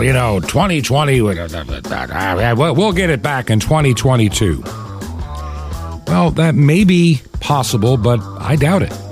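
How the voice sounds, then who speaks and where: A male podcast host talks through his views in a loose, conversational way, stumbling and restarting words. Music plays clearly under his medium-pitched voice. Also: darkish tone. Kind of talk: casual opinionated monologue.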